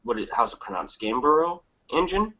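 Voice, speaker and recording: On a laid-back gaming podcast, a man with a slightly high voice talks fairly quickly, ranting with lots of profanity, jokes on the side, and comic impressions. The recording is muffled.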